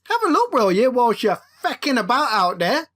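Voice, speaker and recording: A woman's voice: a little high, very animated, moderate pace, fairly bright tone. Woman doing a snappy Brummie barman. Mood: snappish. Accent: Birmingham. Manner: sniping, offhand. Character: lazy, snappy young man, a scruffy barman.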